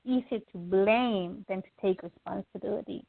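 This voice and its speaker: A woman's voice: medium pitch, normal speed, vocal fry. A woman guest on a podcast, talking through everyday lessons in a casual teaching style, acting out little scenes and checking in with "okay?". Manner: animated, acts out little scenes in quoted voices; repeats "okay?" to check in with the listener. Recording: tinny phone line.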